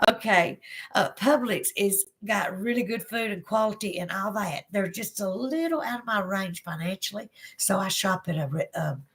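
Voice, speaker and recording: A woman's voice: medium pitch, lively intonation, normal speed, a bit bright. A woman with a Southern accent hosting a live stream, reading chat aloud in a chatty, folksy way and laughing often. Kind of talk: casual chat. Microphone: phone.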